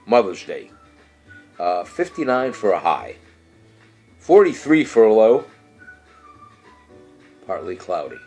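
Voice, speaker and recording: A man's voice: on the low side, a little mellow. A middle-aged man, hosting a casual show and rambling through birthdays and weather with many fillers and restarts. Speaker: radio-style show host.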